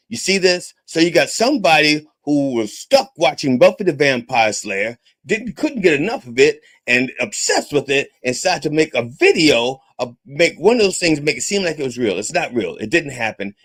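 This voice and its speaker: A podcast host playing a mock reverend runs through a profane comedic monologue with animated rises and falls in pitch and a somewhat bright tone. He repeats himself and keeps asking the listener "okay."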